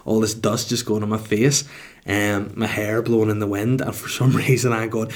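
A man's voice: fairly low pitch, steady tone, moderate pace. A man hosting a solo podcast in a casual, rambling, self-mocking way with plenty of swearing. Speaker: podcast host.

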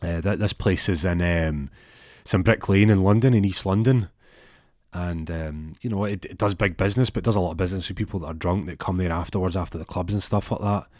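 A man casually rambling through a long story, doubling back on himself as he goes. His voice is very low and deep, and the sound is dry and close with no room around it. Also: a little fast, a little mellow, no echo. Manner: rambling, meandering.

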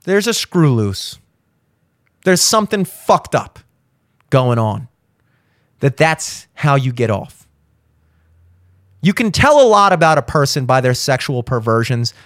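A man's voice: mid-range voice, very animated, measured pace, pauses often, a bit bright, dry recording, studio quality. A man hosting a show, ranting bluntly about relationships with heavy swearing and insistent repetition. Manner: insistent, repeats points for emphasis. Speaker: show host. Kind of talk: blunt opinion monologue.

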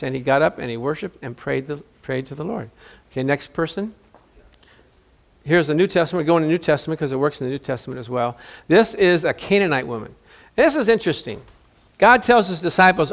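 A man's voice: on the high side, big pitch swings, a little fast, vocal fry. A man preaching a conversational sermon, acting out biblical dialogue with humor. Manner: conversational, jokey preaching with acted-out quotes. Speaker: pastor.

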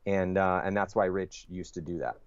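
A podcast guest with a fairly low man's voice tells a long story in a loose, rambling way. He swears freely and fills the gaps with "like" and "you know". The sound is dry and a bit dull, as from a lo-fi recording. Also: steady tone, moderate pace, clean tone, no room sound. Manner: profane, rambling, lots of fillers and restarts. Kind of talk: casual storytelling.

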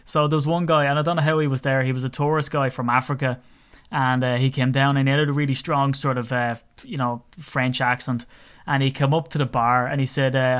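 A man's voice: medium pitch, steady tone, a little fast, fairly bright tone. A young Irish man co-hosting a sports podcast, telling rambling stories and laughing often in casual chat. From Ireland. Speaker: podcast co-host.

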